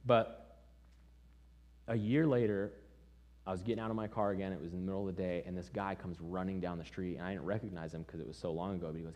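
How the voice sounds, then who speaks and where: A young adult man preaching, telling a personal story with lively acted-out quotes before moving into teaching. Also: deep voice, fast talker, lo-fi sound. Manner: animated storyteller acting out quoted voices.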